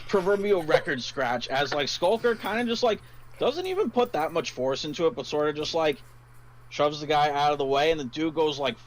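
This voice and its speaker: A man's voice: a little high, animated, normal speed, a little hiss or hum, low-quality recording. A man running a tabletop game as game master, narrating loosely with lots of fillers. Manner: loose, rambling, many fillers.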